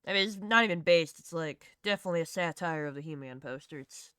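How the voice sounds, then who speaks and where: A woman's voice: low voice, fast, fairly bright tone, clean tone, no room sound, studio quality. A woman with a Southern US accent chatting casually on a live stream while she draws, rambling, laughing and swearing freely. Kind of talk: casual chat while drawing.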